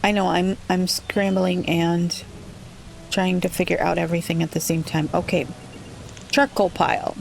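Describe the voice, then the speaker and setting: A woman playing a city-builder game, thinking aloud and puzzling over it, her voice a little rough today. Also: lowish voice, level tone, moderate pace, slight background noise. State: slightly rough voice. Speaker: let's play gamer. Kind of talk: relaxed gameplay commentary.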